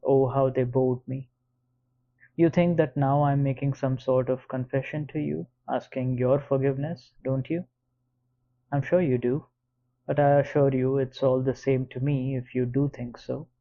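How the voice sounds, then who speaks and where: A man reading an audiobook in the first person, with a measured, even delivery. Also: mid-range voice. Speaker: audiobook narrator. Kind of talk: scripted audiobook narration. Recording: slightly dull lo-fi recording.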